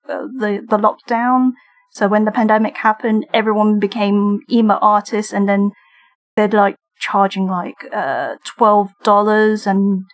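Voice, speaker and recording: Slow-talking, giggly British woman. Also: medium pitch. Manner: giggly, talks while drawing and reading chat. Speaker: streamer and digital artist. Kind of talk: casual livestream chat.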